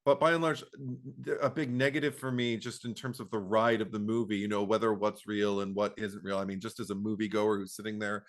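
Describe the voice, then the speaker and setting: A man's voice: lowish voice, a little fast, hardly any pauses. A man co-hosting a podcast, talking casually about a film, stammering and acting out reactions as he goes. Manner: animated, acts out quotes, stammers, laughs while talking. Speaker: podcast co-host.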